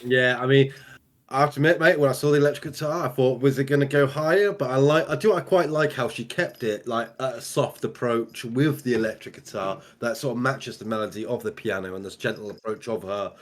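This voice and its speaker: A man's voice: medium pitch, brisk. Easygoing chatty man reacting to music. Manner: easygoing, chatty, keeps saying mate, laughs often. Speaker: reaction video co-host. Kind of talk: casual reaction chat.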